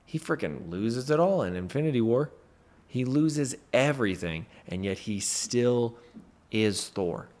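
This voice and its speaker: A man's voice: mid-range voice, expressive, a little slow, darkish tone. A man in a motivational talk to camera, a mentor who speaks emphatically and stresses his points with "freaking".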